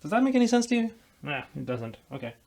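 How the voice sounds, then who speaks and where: A man's voice: high voice, sing-song, quick pace, creaky, a little mellow. A man vlogging as he builds a guitar, explaining while he works, rambling and making self-deprecating jokes. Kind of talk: casual workshop tutorial chat.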